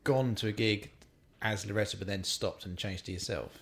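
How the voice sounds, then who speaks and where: A woman's voice: a bass voice, moderate pace. A woman interviewing a comedian, mostly giving short encouraging replies and asking the occasional question. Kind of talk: casual interview chat.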